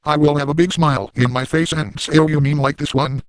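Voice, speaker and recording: A man's voice: fairly high pitch, steady tone, a little fast, no echo, natural voice, low-quality recording. A man voicing a sleazy, boastful middle-aged cartoon dad, narrating a crude story in the first person. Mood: smug.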